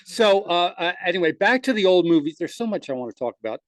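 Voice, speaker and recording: A man's voice: high voice, very animated, fast talker. A man hosting a podcast, chatting casually and enthusiastically with his guest. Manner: enthusiastic, rambling. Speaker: podcast host. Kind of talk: casual interview chat.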